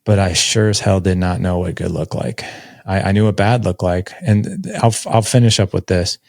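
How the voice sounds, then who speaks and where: A man in his forties speaks candidly and conversationally, sprinkling his story with filler words. His voice sits a little low and carries a gravelly rasp. The recording is close and dry. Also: steady tone, moderate pace, a little mellow, no room sound. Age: 40s. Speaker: podcast guest. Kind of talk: personal storytelling in an interview.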